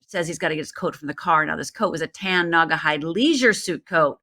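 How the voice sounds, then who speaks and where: Woman, middle-aged, from upper michigan, life coach guest, earnest storytelling, bright voice. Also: deep voice, brisk. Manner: earnest, personal storytelling that addresses the host directly. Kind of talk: storytelling in a podcast interview. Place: Los Angeles.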